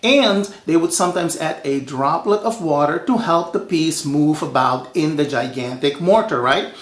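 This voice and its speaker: A man from Suriname hosting a home cooking show, telling stories in a lively, chatty way. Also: on the high side, moderate pace, echoey room. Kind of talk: casual cooking show talk.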